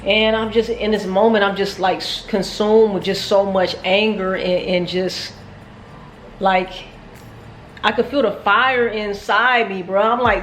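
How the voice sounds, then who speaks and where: A woman's voice: medium pitch, unhurried, echoey room, soft background music. A woman telling a casual, profane, self-mocking story about her day trading. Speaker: trading vlogger.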